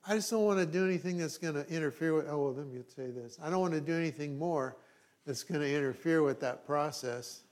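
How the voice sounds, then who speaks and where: A man's voice: a little high, fast. A middle-aged man, a pastor, giving a conversational sermon with wry humorous asides and frequent restarts.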